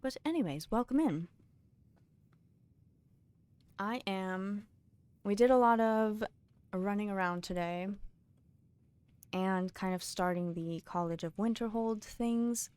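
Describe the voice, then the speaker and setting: A woman's voice: mid-range voice, measured pace, clear, resonant tone, no echo. Giggly British woman streaming a game. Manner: chatty and giggly, drops to soft mutters. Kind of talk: casual live-stream chat and reading books aloud.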